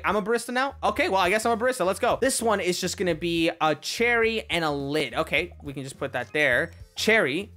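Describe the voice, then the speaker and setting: A woman hosting a gaming video, giving playful gameplay commentary in an excitable, teasing way and laughing often. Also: medium pitch.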